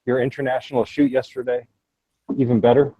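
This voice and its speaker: A man in casual gaming voice chat, speaking in a measured, explanatory way with some teasing. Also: medium pitch, level tone, muffled recording. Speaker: gaming lobby player.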